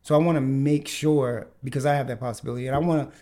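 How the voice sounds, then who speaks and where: A man's voice: medium pitch, steady tone, quick pace, dark tone. A man hosting a casual podcast chat, talking with many fillers and restarts. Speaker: podcast host.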